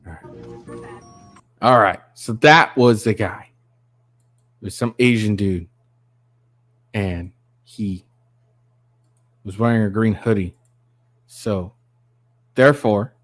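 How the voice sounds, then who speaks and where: A commentary channel host with a fairly low voice runs a casual reaction video, ridiculing the clip with profanity. He talks slowly with long pauses, lots of fillers, and giggly bursts of laughter, coming across as crude, mocking, and rambling. The recording is dry.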